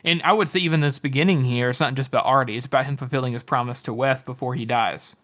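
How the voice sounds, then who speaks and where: A man co-hosting a book podcast, at a middle pitch. He talks through a point in a thoughtful, analytical way. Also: quick pace, fairly bright tone. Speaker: podcast co-host. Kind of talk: casual book discussion.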